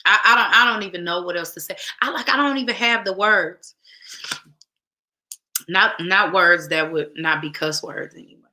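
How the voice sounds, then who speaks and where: A woman's voice: lowish voice, normal speed, bright, forceful tone. A woman hosting a casual talk show, speaking emphatically straight to her viewers and repeating phrases for weight. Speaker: show host.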